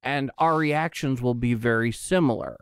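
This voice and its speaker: A man hosts a podcast in a relaxed, easygoing way, working out his thoughts as he talks. His voice is smooth and resonant at a mid pitch, with a dry, close sound. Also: normal speed, no room sound. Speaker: podcast host. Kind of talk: casual podcast chat.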